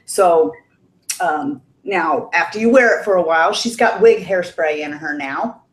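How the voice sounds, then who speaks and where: A woman's voice: on the low side, unhurried. Middle-aged woman, chatty livestream guest, laughs a lot, roomy room sound. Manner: chatty, laughs often, animated quoting. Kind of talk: casual storytelling chat.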